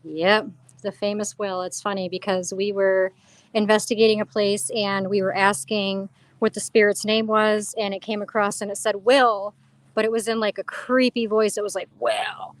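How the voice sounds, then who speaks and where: A woman's voice: medium pitch, normal speed, no echo. Chatty woman telling ghost stories, dry sound. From New York. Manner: animated storyteller, quotes herself and others. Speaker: paranormal investigator guest. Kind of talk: casual interview chat.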